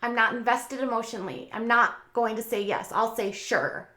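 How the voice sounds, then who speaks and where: A woman voicing a reluctant, tearful wife who speaks hesitantly and quietly. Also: fairly high pitch, fairly even intonation, moderate pace, voice pushed up.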